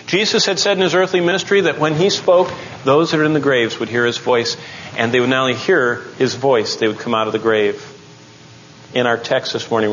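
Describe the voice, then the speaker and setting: A man preaching a Bible sermon in a dramatic style, his voice rising on emphasized phrases and slowing on key words. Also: mid-range voice, a bit bright. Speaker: pastor and Bible teacher. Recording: slightly dull lo-fi recording with faint background noise.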